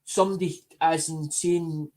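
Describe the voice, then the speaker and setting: A man's voice: on the high side, steady tone, darkish tone. A man talking casually to his supporters, rambling and often repeating or restarting his phrases. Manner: talks to supporters in an unhurried, chatty way. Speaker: coin collector vlogger.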